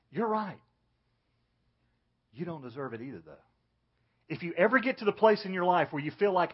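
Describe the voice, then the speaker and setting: A pastor preaching an earnest sermon, dropping low and soft to stress his points. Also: big pitch swings, normal speed, long pauses, husky, lo-fi sound.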